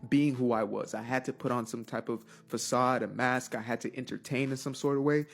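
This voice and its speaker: A man reflecting thoughtfully on his own past, speaking in a halting way with frequent pauses. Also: mid-range voice, steady tone, gravelly. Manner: thoughtful, halting, with fillers and restarts. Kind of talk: personal reflective testimony.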